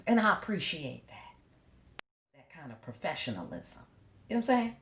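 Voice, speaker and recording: A woman's voice: low-pitched, sing-song, moderate pace, fairly bright tone. A woman giving a casual tarot reading to camera, blunt and profane, with joking asides and repeated check-ins of "okay?". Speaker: tarot reader.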